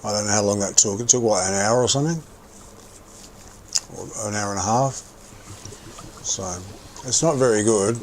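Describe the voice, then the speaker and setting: A lowish-voiced middle-aged livestreamer talks at normal speed while playing, pausing often as he rambles about his equipment and lets the odd swear word slip. A little hiss or hum sits under the recording of his casual commentary.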